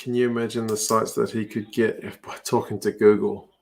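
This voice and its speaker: A man's voice: fairly low pitch, little pitch movement, brisk, vocal fry, a little mellow. A man hosting a casual rugby watch-along, reacting aloud to the play and chatting with viewers.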